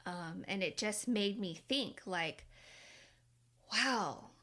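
A woman's voice: medium pitch, expressive, slow pace, sharp tone. A woman in her thirties, a mother, casually and earnestly telling a personal story with many fillers and asides.

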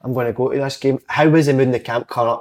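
A Scottish man on a football podcast, talking quickly and keeping the questions coming. His tone is loose, cheeky and full of banter. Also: medium pitch, fairly even intonation, a little mellow. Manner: asks lots of questions, banter. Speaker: podcast co-host. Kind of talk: casual football chat.

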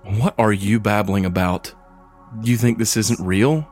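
A man's voice: fairly low pitch, a little slow, darkish tone, soft background music, lightly acted. A man doing a cruel, mocking sorceress. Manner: mocking, condescending. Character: scheming sorceress sister, cold and cruel.

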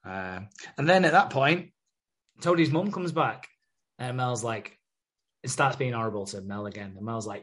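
A man's voice: medium pitch, lively intonation, moderate pace, a bit bright, husky. A young man with an ordinary mid-range voice chatting on a podcast. He recaps soap episodes in a loose, sweary way. Now and then he briefly takes on the characters' voices as he goes. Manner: sweary, recaps scenes by acting out characters' lines. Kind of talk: casual chat.

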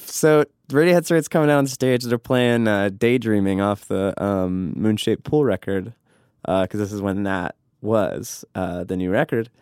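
A man's voice: on the low side, unhurried, clean tone, dry recording, studio quality. A man telling a comedic personal story in casual chat, swearing often and laughing through it. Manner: profane, laughing, animated.

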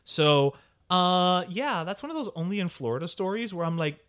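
A man co-hosting a casual podcast, telling stories in an animated way and dropping Spanish words. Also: sits high, normal speed, clean tone. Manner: animated, lively storytelling with Spanish interjections. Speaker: podcast co-host. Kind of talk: casual chat.

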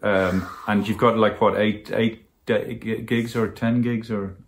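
Halting man hosting a podcast. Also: lowish voice, flat delivery. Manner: halting, many restarts and backchannels. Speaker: podcast host. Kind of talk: casual interview chat.

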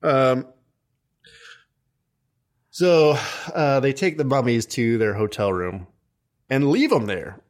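A man co-hosting a podcast, recapping a movie in casual chat with a meandering, halting delivery full of ums and restarts. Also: mid-range voice, animated. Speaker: podcast co-host.

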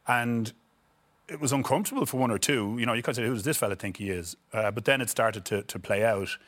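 A man's voice: mid-range voice, fast talker, fairly bright tone. Rambling Irish man telling stories. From Ireland. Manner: rambling, repeats words, acts out quotes. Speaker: guest, former footballer. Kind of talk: casual storytelling interview.

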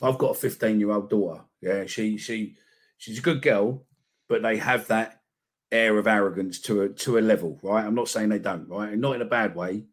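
Halting middle-aged man, lowish voice. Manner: hesitant, halting, repeats himself. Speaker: football podcast co-host. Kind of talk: casual fan chat.

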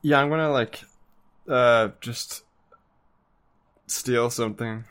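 A man's voice: medium pitch, takes it slowly, fairly bright tone, clear, resonant tone. Laid-back man, tabletop player. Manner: laid-back, brief replies. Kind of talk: casual play.

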